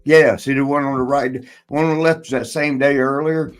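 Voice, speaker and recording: A man's voice: mid-range voice, fairly even intonation, normal speed, soft background music, low-quality recording. A man hosting a casual chat, telling a long personal story in a rambling way, swearing often and laughing between lines. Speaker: podcast host and former wrestler.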